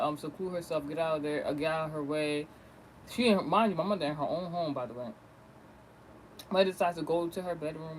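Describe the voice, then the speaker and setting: High-voiced man in a profane storytime rant. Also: slight background noise, rough recording. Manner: animated, profane, gossipy. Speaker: vlogger.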